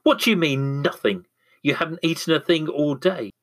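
A man's voice: on the high side, animated, normal speed, a bit bright, voice pushed up. A man voicing a bad-tempered, scornful queen who screams and bosses. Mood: outraged.

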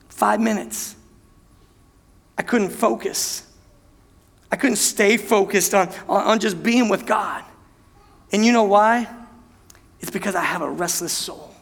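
High, bright-voiced pastor preaching. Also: male voice. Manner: candid storytelling, addresses congregation as church. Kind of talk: sermon. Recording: long hall reverb.

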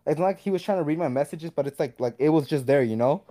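A man's voice: on the high side, fast talker, crowd noise. A young man telling a story in casual chat, swearing often and acting out what people said. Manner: animated, swears a lot, acts out quoted lines.

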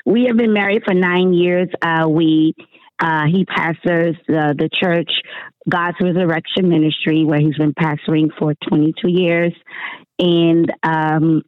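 A woman's voice: fairly low pitch, fairly even intonation, a little slow, no echo. A woman from Miami, a gospel singer and worship leader, answering interview questions over the phone in an effusive way, often laughing and repeating words. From Miami, Florida. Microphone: telephone. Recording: tinny phone line, dry.

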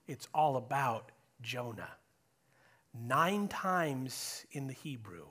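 A man preaching an informal, chatty sermon to his congregation as their pastor, joking and animated. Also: medium pitch, takes it slowly, a little hiss or hum. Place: church sanctuary.

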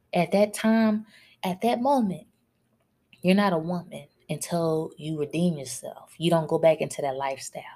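Blunt, scolding podcast woman, low-pitched. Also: mellow. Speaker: podcast host. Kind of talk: solo podcast rant.

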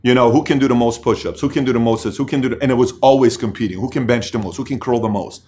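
Host, male, middle-aged, animated storyteller, mid pitch, fillers. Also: racing. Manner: excited, acts out voices in anecdotes, frequent fillers. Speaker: podcast host and business owner.

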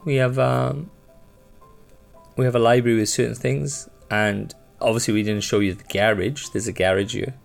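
A man's voice: mid-range voice, steady tone, vocal fry, soft background music, lightly acted. A man putting on a tired dying woman with a Scottish lilt. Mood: hospitable. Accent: attempted Scottish. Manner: halting, repeats herself, fading into sighs. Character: weary, dying woman host of a safehouse.

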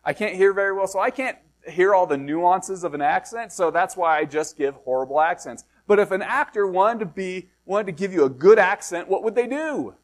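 Man, pastor, sermon, high-pitched voice, conversational, rhetorical questions, middle-aged. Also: animated, moderate pace, few pauses. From United States.

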